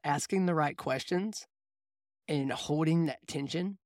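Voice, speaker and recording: A man's voice: fairly high pitch, a little slow, no echo, studio quality. A young adult man, a mindset coach, telling a reflective personal story in casual faith conversation. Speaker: podcast co-host, mindset coach.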